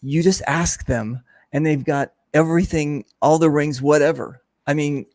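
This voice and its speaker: A man hosting an informal conversation at an event booth, telling a story with lots of energy and acting out what others said. His voice sits a little high, and the sound is dry and close. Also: normal speed, no room sound. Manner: animated storyteller, mimics others in his stories. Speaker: host. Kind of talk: casual chat.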